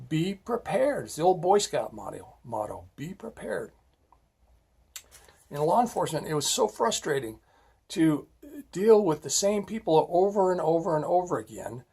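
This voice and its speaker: Gravelly, husky-voiced man lecturing emphatically. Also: on the high side, darkish tone. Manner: emphatic, repeatedly asks "all right?"; blunt and scolding when making a point. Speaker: safety instructor, former police officer. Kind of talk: lecturing talk with personal stories.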